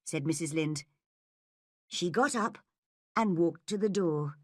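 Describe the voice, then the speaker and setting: A woman narrating a graded story for English learners, slow, clear and expressive. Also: low-pitched, dry recording, clean studio sound. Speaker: audiobook narrator.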